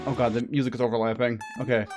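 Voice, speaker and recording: Rambling live-stream gamer, mid pitch, chatty, faint background music. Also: level tone, very fast. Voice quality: rambling, chatty, self-correcting. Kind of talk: casual live-stream commentary over gameplay.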